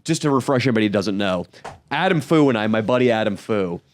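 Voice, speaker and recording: A man co-hosting a podcast, crude and animated as he tells a story in casual chat. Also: on the low side, quick pace. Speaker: podcast co-host.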